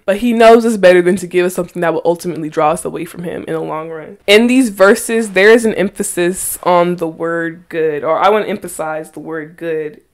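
A woman hosting a faith podcast, earnestly reading Bible verses aloud and pressing her points with emphatic rhetorical questions. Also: on the low side. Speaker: podcast host.

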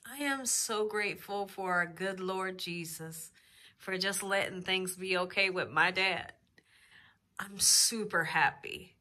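Talking into a camera held very close to her face, this woman, a cooking channel host, shares heartfelt, emotional thoughts in a casual home vlog. Her mid-range voice sounds pushed and bright, and her delivery is slow and drawn-out.

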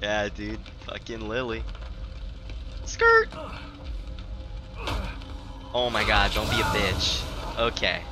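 A man's voice: lowish voice, fairly even intonation, normal speed, pushed and bright, faint music behind. A man giving rambling, profane, joking commentary while playing a video game. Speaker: gamer. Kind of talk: let's play commentary. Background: game audio.

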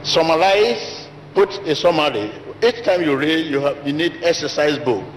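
Man preaching, fairly high voice, emphatic and repetitive, big hall echo, faint hiss. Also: animated, moderate pace. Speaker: pastor. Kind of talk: sermon. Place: large church hall. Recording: long hall reverb, faint noise.

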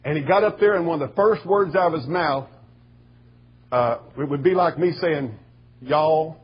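Husky preacher, lo-fi recording. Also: male voice, on the high side, moderate pace. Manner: folksy storytelling, rising to shouting bursts. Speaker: pastor. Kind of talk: sermon.

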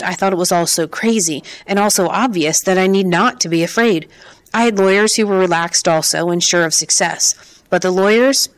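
A woman reading the lines of a frail, grieving old man who speaks quietly and slowly in an audiobook. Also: on the low side, lightly acted. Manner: quiet, measured.

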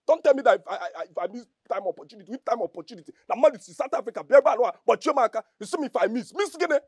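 A man's voice: very high voice, animated, very fast, slightly rough, no echo, heavily acted. An actor playing a stubborn young Nigerian man who argues back at his mother, with an Igbo Nigerian accent and an insistent, defensive way of talking. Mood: defiant. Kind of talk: Nollywood film acting.

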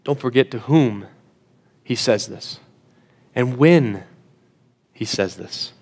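Delivering a sermon with emphasis, this pastor slows down and lowers his voice to a hush for the key lines, sometimes repeating words as he restarts. His voice is mid-range and animated.

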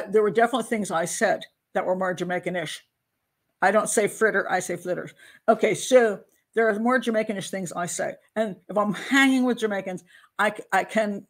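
Woman host talking through a case casually, chatty and self-deprecating, with a mid-range voice. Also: mid-range voice. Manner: chatty, self-interrupting, laughs at herself. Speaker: true-crime commentator. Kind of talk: casual commentary to camera.

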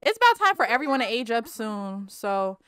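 A woman giving casual, animated commentary on her game, talking straight to viewers, swearing and laughing often. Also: a little high, fairly quick. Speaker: Let's Play creator.

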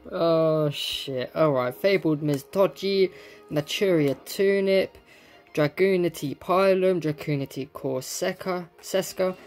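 A man's voice: on the high side, a little mellow. A young man, casually opening card packs, reading out card names and swearing freely. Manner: laid-back, swears a lot, reads card names aloud. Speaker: card pack opening host. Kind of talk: casual pack-opening chat.

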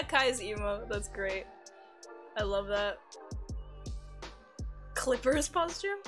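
Giggly streamer girl, kinda high voice, swears a lot while reading chat. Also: a bit bright. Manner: chatty, reads chat aloud, swears freely, giggly. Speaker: live streamer. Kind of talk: casual live-stream chat. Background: faint background music.

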